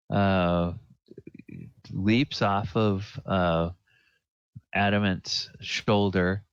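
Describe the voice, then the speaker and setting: A man narrating a tabletop game as dungeon master, halting with many fillers. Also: lowish voice, clean tone, no room sound. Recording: dull dry lo-fi recording.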